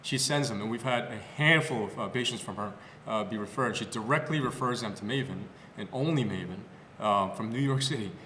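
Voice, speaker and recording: A man's voice: lowish voice, fairly quick, few pauses, slight background noise. A male physical therapist on a podcast, telling patient stories casually with lots of fillers and restarts. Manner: storytelling, animated, with many fillers and restarts. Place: clinic podcast room. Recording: roomy echo with long reverb.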